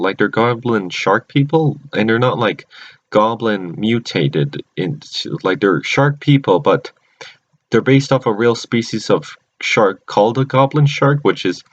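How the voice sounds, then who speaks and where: A man's voice: on the low side, lively intonation, unhurried. A man casually recapping cartoon episodes, rambling and often restarting or correcting himself mid-sentence. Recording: dull lo-fi recording.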